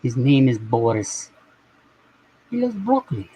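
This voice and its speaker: A man's voice: mid-range voice, sing-song, measured pace, dark tone, husky, rough recording. A man chatting casually on a live stream, rambling and swearing offhand as he reacts to things.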